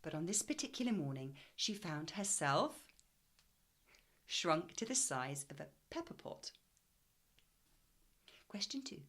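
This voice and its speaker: A woman reading tutor leading an expressive storybook reading lesson and asking comprehension questions. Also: on the low side, unhurried, pauses often.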